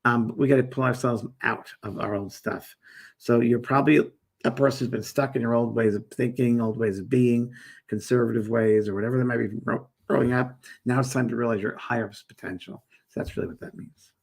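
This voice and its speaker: A man's voice: mid-range voice, steady tone, brisk, gravelly, slightly rough. A middle-aged man hosting a live spiritual chat show, rambling casually as he reads viewer comments aloud and answers them. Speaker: host and medium.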